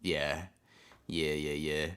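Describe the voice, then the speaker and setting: A man's voice: very deep voice, completely flat delivery, takes it slowly, fairly bright tone, smooth. A man co-hosting a stream in casual chat, rambling with many fillers and swear words. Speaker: stream co-host.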